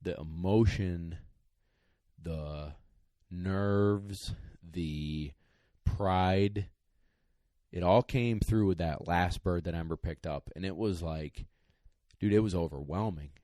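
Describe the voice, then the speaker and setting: A man's voice: low-pitched, takes it slowly, dark tone, no room sound, studio quality. A man co-hosting a podcast, telling a rambling, emotional story in casual chat, choking up and tearing up as he talks. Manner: emotional, rambling, choked up at times. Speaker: podcast co-host, dog trainer.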